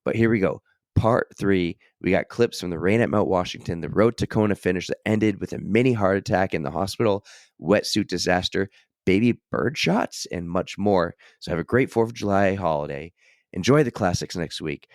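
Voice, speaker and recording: A man hosting a casual podcast intro, hoarse and losing his voice, chatty and jokey. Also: deep voice, normal speed, no room sound, studio quality. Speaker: podcast host.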